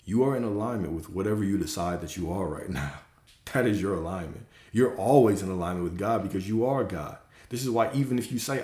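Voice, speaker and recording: A man's voice: lowish voice, fast talker, dark tone. A man who works as a spiritual coach, giving a casual, emphatic livestream talk that repeats its points and swears freely. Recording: roomy echo.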